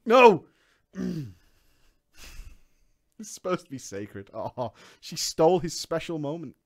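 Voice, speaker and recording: A man's voice: on the high side, expressive, slow pace, vocal fry, darkish tone. A man reading a story aloud and breaking into mocking asides, laughing often as he comments.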